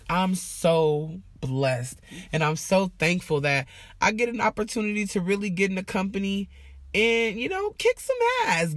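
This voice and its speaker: A woman's voice: fairly low pitch, dry recording. A woman talking candidly to her viewers in a heartfelt, emotional, casual and profane way. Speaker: vlogger. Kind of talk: candid personal vlog talk.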